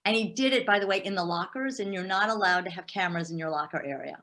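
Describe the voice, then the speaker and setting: A middle-aged woman, an entrepreneur, telling a lively story in an interview and acting out the dialogue. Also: mid-range voice, fast. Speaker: entrepreneur guest.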